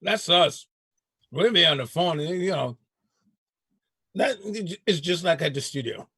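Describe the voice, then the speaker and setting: A man's voice: fairly high pitch, animated, a little slow, pushed and bright, husky, dry recording. A man hosting a casual chat show, laid-back and slangy, laughing often. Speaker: show host.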